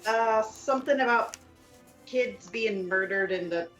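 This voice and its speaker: A woman player joking around at a tabletop game, quick to laugh. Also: a little high, a bit bright. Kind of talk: casual banter at a game table. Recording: roomy sound with faint music.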